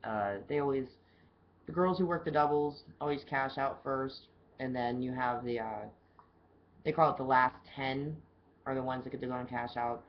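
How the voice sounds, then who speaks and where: Woman, low pitch, casual bartender video diary, chatty and swearing, muffled lo-fi recording. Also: moderate pace, slight background noise. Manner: chatty, loose storytelling with swearing. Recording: dull lo-fi camera audio with faint background ambience.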